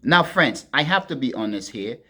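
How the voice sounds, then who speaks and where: A man hosting a political commentary monologue, talking to his listeners as friends in a deliberate, emphatic way and leaning hard on key words. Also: mid-range voice, sing-song. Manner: deliberate, addresses listeners as friends, stresses words with sharp swings in loudness.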